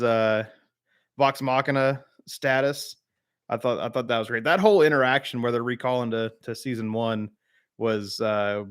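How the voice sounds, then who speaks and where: A man's voice: mid-range voice, smooth. Rambling man from the American South. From Southern United States. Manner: rambling, filler-heavy, replies to chat by name. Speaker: streamer hosting a live chat. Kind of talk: casual live-stream chat.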